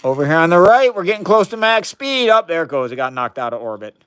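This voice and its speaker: A man hosts a casual live science stream from a chemistry lab, narrating each step of his experiments. His voice sits a bit high for a man, and he keeps up a friendly running chat with viewers, greeting them by name. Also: very animated, fast, a bit bright, clean tone.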